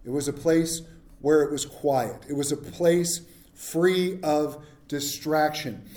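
A pastor preaching a sermon in a humorous, conversational way, often putting questions to the congregation. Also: male voice, fairly high pitch, fairly even intonation, slow pace, dark tone, echoey room.

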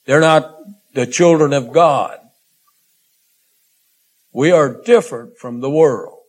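Slow, earnest preacher man. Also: medium pitch. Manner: slow, earnest, with drawn-out phrases and trailing quiet endings. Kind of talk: sermon.

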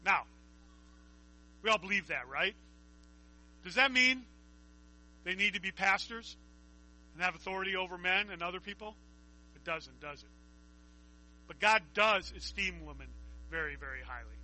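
A man's voice: high-pitched, lively intonation, moderate pace, pauses often, sharp tone, rough recording. A man preaching a conversational Bible teaching, reading scripture aloud and asking his listeners questions.

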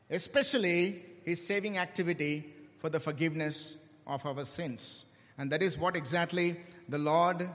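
High-pitched male preacher, emphatic sermon delivery, reverberant hall. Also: fairly bright tone. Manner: emphatic, slows down and stresses key words.

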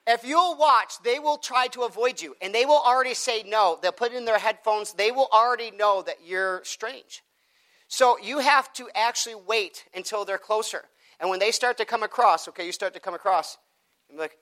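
A man teaching a group how to evangelize, acting out street conversations in his lively teaching talk. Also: high voice, normal speed. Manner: animated, acts out both sides of conversations.

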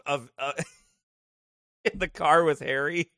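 A man from the United States, a pastor telling stories in casual chat before leading a Bible study, animated and laughing as he talks. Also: a little high, slow, long pauses, dry recording, studio quality.

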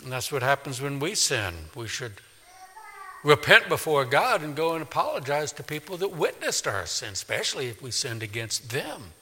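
A male pastor preaching a sermon in a church, emphatic, swinging from loud declaring to quiet pleading. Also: mid-range voice, very animated, normal speed. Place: church sanctuary. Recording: long reverb of a large hall.

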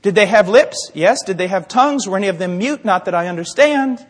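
A male preacher delivering a dramatic sermon, swinging between hushed asides and shouting, acting out little scenes with voices. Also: high voice, animated, fairly quick. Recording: long reverb of a large hall.

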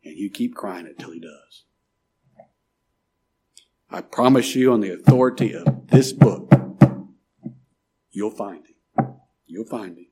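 A middle-aged man preaching a sermon, pleading and emphatic, swinging from loud rises to soft drops. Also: fairly low pitch, slow, long pauses, husky, faint music behind. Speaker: pastor.

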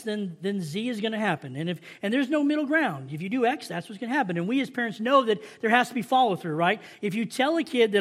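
Southern male preacher with a high voice, slow emphatic scripture reading, easy asides to his congregation. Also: expressive. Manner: reads scripture slowly and emphatically, then chats with the congregation. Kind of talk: sermon.

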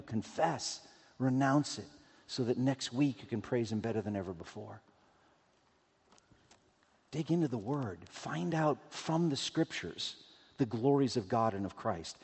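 A man preaching a sermon to his congregation, earnest, rising loud on scripture and dropping to hushed appeals. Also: medium pitch, breathy edge, big-room sound. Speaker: pastor. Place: church sanctuary.

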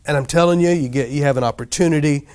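A pastor preaching a sermon in a casual, conversational way, often asking the congregation questions and acting out quoted voices. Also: male voice, fairly high pitch, fast, a little mellow.

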